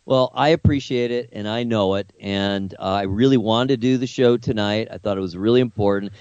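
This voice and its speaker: A man's voice: on the low side, a little fast, a little mellow, smooth, no echo, muffled recording. Earnest grandfather co-hosting a radio show. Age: older. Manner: earnest and reflective, speaking openly about family loss. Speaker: co-host. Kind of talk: radio talk show conversation.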